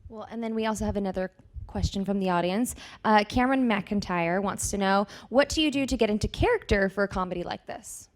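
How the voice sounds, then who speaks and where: A woman's voice: medium pitch, a little fast, hardly any pauses. A woman moderating a panel, putting upbeat questions to the cast.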